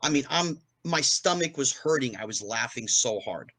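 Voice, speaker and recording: A man in his fifties from New Jersey, a guest in an interview, telling a fast anecdote and acting out the quotes with big jumps in pitch. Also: animated, a bit bright, no echo. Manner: fast storytelling with acted-out quotes, rising pitch on punchlines. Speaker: guest, former child actor.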